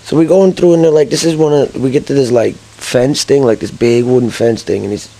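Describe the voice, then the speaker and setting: Young American guy, mellow gravelly voice, loose and rambling, chuckles through his anecdote. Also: mid-range voice, fairly quick, rough recording. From Massachusetts, USA. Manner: rambling, lots of fillers and chuckles, excitable. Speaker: gaming channel storyteller. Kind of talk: casual rambling storytelling.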